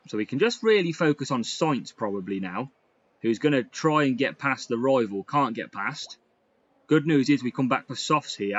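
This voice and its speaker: A man giving lively, excitable commentary over a racing game he is playing. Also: mid-range voice, highs cut off. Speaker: gaming YouTuber. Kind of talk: gameplay commentary.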